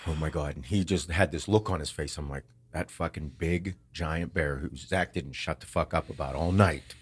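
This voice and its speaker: A man hosting a podcast, telling a story in a casual, animated way, swearing often and acting out what others said. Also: a bass voice, normal speed, slightly rough. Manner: animated, swears a lot, acts out quotes. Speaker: podcast host.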